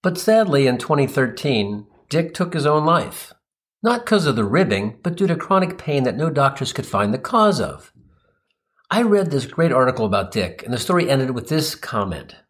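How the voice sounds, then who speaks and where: A man delivers a comedic storytelling monologue with a sarcastic, exasperated edge. His pitch swings widely as he rants, rising high for punchlines and dropping low for asides. He sits at a middle pitch for a man. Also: big pitch swings, normal speed, fairly bright tone.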